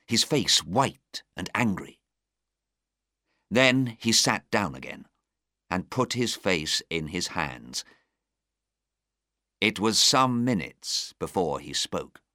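A man narrates a story in a low, bright voice. He reads slowly and clearly, with a very lively melody. The sound is dry and close. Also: no room sound. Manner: slow, clear and expressive reading. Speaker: audiobook narrator. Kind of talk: scripted narration of a simplified story.

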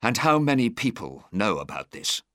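A man's voice: lowish voice, big pitch swings, normal speed, no room sound, clean studio sound. A man voicing a tired, older nobleman who is proud but shaken, speaking in a weary, strained way. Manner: weary, strained, sometimes sharp.

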